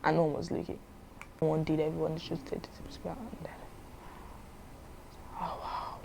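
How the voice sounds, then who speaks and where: A woman's voice: deep voice, completely flat delivery, measured pace, gravelly, background noise. A young woman, narrating a drama story in a chatty way and commenting on it as she goes.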